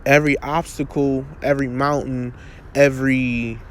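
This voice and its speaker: A man giving an earnest, preacherly spoken reflection outdoors, halting and restarting as he talks. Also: mid-range voice, little pitch movement, fairly bright tone, slight background noise. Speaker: vlogger.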